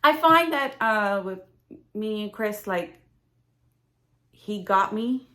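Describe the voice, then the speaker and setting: A woman, speaking in a hesitant, halting way in a personal chat. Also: mid-range voice, animated, fairly bright tone. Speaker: podcast co-host. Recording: roomy echo.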